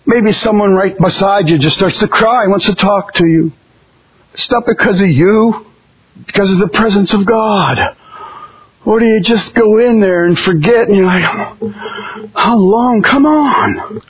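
A male pastor preaching to his church in a high, husky voice. His sermon is conversational, mixing pointed questions and asides with bursts of fervor. The recording is dull and lo-fi.

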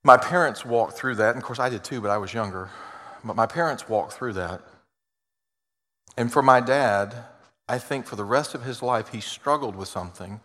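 A man's voice: medium pitch, moderate pace. Earnest male pastor in a reverberant hall. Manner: earnest, swings between loud emphasis and quiet intimate asides. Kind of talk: sermon.

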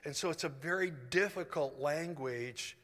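Middle aged guy preaching, chatty and animated, bright forceful voice, long echo like a big hall. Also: a little high, moderate pace. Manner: conversational, animated, self-deprecating. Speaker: pastor. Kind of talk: sermon.

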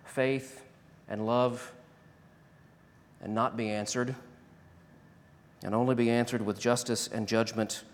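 A pastor delivering a sermon and closing prayer, rising to loud emphatic declarations and dropping to hushed, slow prayer. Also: male voice, medium pitch, little pitch movement. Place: church sanctuary. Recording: long reverb of a large hall.

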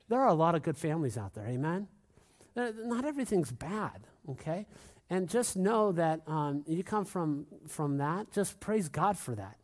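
Middle-aged male pastor preaching emphatically. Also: a little high. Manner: emphatic, repetitive, calls for amens from the congregation. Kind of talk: sermon. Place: church hall with a congregation.

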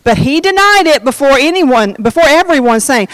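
Chatty high-voiced woman teaching Bible class. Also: lively intonation, moderate pace, dry recording, poor audio. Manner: chatty, self-interrupting, jokey asides.

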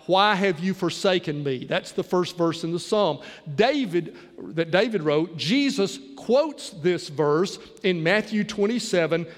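A man preaching a sermon, reading scripture aloud and leading the congregation in call-and-response. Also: high-pitched. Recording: long hall reverb.

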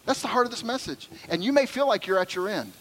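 A man's voice: high voice, lively intonation, fast talker, a bit bright, low-quality recording. A middle-aged man preaching a sermon as pastor, conversational and joking, then earnest.

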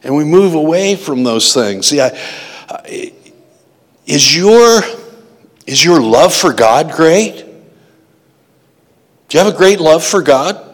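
Slow-speaking preacher in a reverberant hall. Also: male voice, fairly high pitch, big pitch swings. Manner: teaching, asks the congregation questions. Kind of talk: sermon.

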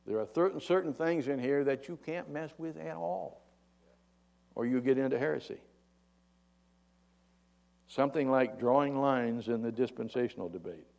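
A man's voice: moderate pace, vocal fry, pauses often. An older man preaching a sermon in a folksy, rambling way. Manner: folksy, rambling, raises pitch and volume to act out yelled dialogue. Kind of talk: sermon with a told joke.

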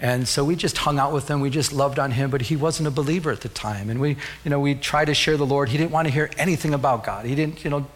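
A man's voice: medium pitch, fast talker, hardly any pauses. A middle-aged man preaching a sermon as pastor, telling a personal story and rising to fervent calls to the congregation.

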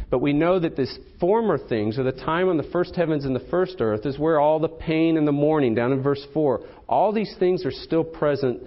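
Male pastor, mid-pitched, chatty sermon delivery full of rhetorical questions, on a slightly dull recording. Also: slight background noise.

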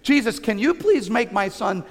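A man's voice: sits high, lively intonation, normal speed, pitched above the performer's own voice. A man voicing a pleading, ambitious middle-aged mother who begs a favor for her sons. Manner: begging, wheedling. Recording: long reverb of a large hall.

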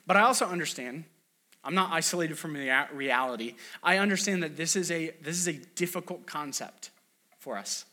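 A man's voice: fairly high pitch, expressive, moderate pace, sharp tone. A man preaching a sermon in a conversational, storytelling way, with many restarts and acted quotes. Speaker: pastor.

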